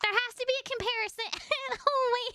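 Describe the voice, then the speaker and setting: A woman streamer chatting casually, excitable and giggly, swearing freely. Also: extremely high pitch, moderate pace, slight background noise. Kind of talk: casual chat.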